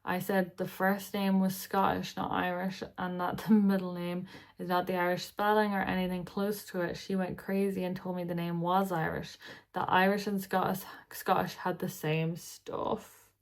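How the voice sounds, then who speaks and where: A woman's voice: fairly low pitch, level tone, moderate pace. A tired woman hosting a reaction video, reading posts aloud and breaking in with chatty asides and sighs. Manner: chatty, sighing, breaks off to talk to her pet.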